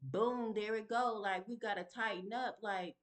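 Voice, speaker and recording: A woman tells her own story in a casual vlog, at a middle pitch. She speaks in an emphatic, conversational way and keeps checking in with the listener. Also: moderate pace. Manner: emphatic and conversational, fond of asking "you feel me?". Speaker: vlogger sharing her story.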